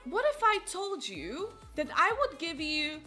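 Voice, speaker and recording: A woman's voice: sits high, sing-song, a little slow, pushed and bright, soft background music, voice pushed up, exaggerated voice. A woman voicing a pushy young woman sim haggling over a house in a sly, sing-song way. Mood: scheming.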